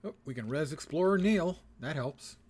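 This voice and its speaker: A man's voice: fairly high pitch, lively intonation, moderate pace, a little mellow, breathy edge. A man streaming a game, commenting casually with dry sarcasm and playful wordplay.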